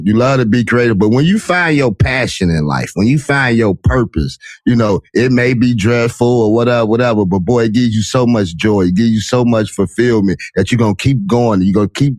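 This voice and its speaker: A man's voice: medium pitch, dry recording. A man hosting a podcast interview, talking in an emphatic, motivational way. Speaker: podcast host. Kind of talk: casual interview chat.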